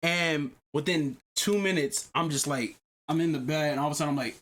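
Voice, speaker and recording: A man hosting a podcast, telling a long personal story in casual chat, animated and profane, often repeating himself. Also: a little high, a little fast. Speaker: podcast host.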